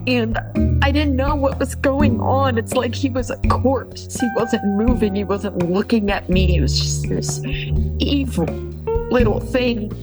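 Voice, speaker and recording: Shaken woman recounting, halting and raw. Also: fairly high pitch, loud music behind the voice, rough recording. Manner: halting, with many restarts and fillers. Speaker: guest telling her story. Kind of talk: emotional personal account.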